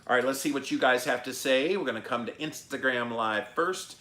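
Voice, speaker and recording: A man's voice: mid-range voice, fairly quick, pushed and bright. A middle-aged man hosting a live-stream show, chatting casually and emphatically while he reads viewer comments aloud. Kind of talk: casual livestream chat reading comments. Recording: echoey room.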